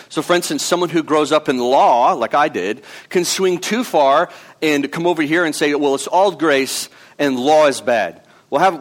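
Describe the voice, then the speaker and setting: A man's voice: fairly high pitch, a bit bright. A man in his thirties preaching a sermon in an earnest, conversational way, with casual asides. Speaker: pastor.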